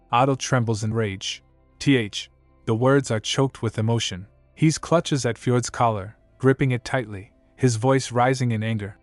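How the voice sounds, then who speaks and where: A man's voice: medium pitch, moderate pace, no echo, soft background music. A man narrating a comic story recap, reading all the characters' lines in his own narrating voice. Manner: reads every character's lines in the same narrating voice. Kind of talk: scripted narration.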